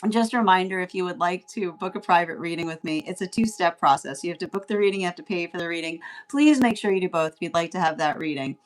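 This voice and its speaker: A woman tarot reader talking through a casual reading in a fairly low voice. She rambles, circles back on her words and keeps checking in with "right?" while laughing now and then. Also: fast talker, hardly any pauses.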